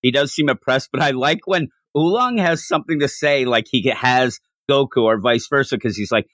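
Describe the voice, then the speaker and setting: A man hosting a podcast, recapping a comic chapter in casual chat with a rambling, animated way of telling it. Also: medium pitch, normal speed, no echo. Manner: rambling, animated retelling with frequent restarts. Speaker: podcast host.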